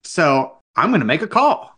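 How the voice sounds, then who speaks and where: Animated man telling an indignant story. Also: moderate pace, breathy edge. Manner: animated, indignant retelling with sudden pitch jumps. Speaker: podcast co-host. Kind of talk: casual storytelling chat.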